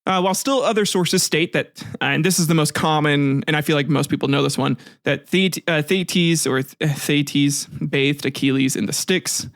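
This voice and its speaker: This podcast host retells myths on a casual history show, swearing, laughing, making jokey asides and often restarting his sentences. His fairly high, slightly bright voice moves at normal speed with few pauses, recorded dry with clean studio sound.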